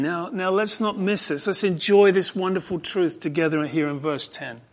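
High-voiced fervent male preacher. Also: moderate pace, hardly any pauses. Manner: fervent, emphatic, swings from hushed to ringing. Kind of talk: expository sermon.

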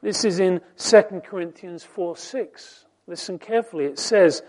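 A man preaching a sermon, quoting scripture slowly and deliberately, swinging between soft, dropped phrases and loud, emphatic rising lines. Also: fairly high pitch, fairly even intonation. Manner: slow, deliberate delivery with scripture quotes.

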